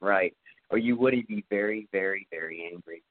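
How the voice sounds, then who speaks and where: A man's voice: deep voice, moderate pace. Man, podcast co-host, casual movie recap, jokey, phone-like thin sound. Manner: chatty, jokey, acts out bits of scenes.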